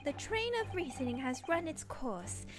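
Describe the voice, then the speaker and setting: A woman puts on a pompous British gentleman detective, all lofty airs and grand pronouncements. The voice sits high and swoops about, taking its time. Game music plays behind. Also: big pitch swings, moderate pace. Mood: grandiose. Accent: put-on British. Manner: grandiose, theatrical deductions.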